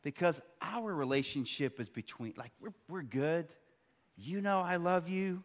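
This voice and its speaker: A pastor in his thirties preaching a sermon, swinging between loud, emphatic peaks and quiet, hushed stretches. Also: on the high side, expressive, unhurried. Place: large church hall. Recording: long church hall reverb.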